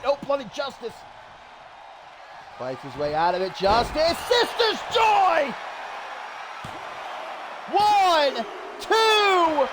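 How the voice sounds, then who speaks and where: High-pitched excitable wrestling commentator, man. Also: a little slow, long pauses. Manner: excitable, shouts big moments. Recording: loud crowd and noise behind. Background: cheering crowd.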